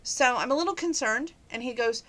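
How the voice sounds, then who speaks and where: Lady vlogging her day, chatty and rambly, bright voice, kinda stuffy nose. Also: sits high, brisk. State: congested sinuses. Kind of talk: casual daily vlog.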